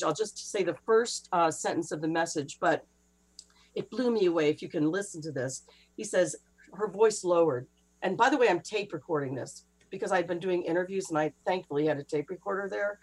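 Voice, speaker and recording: A middle-aged woman author, a guest on an interview, telling a personal story in a lively rush with laughing asides. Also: lowish voice, rough recording. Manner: breathless, laughing retelling with quick asides. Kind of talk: animated anecdotal storytelling.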